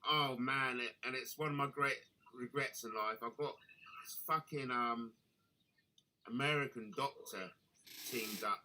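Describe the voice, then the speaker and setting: A man hosting a live stream, telling a crude story with constant swearing and lively storytelling. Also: mid-range voice, a little slow, low-quality recording. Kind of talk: crude anecdote on a live call.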